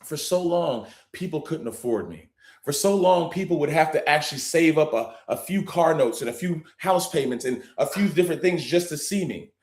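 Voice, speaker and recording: A man hosting a livestream, hyping the audience and preaching about business, swinging between loud and hushed. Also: a little high, fairly quick, hardly any pauses, echoey room. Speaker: livestream host. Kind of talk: hyped livestream talk.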